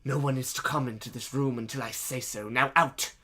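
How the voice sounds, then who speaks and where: A man voicing a patient robed leader who speaks softly and comfortingly, reading fanfiction aloud. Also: a little high, sing-song, normal speed, pitched above the performer's own voice. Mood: commanding. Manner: soft and comforting, stern when ordering.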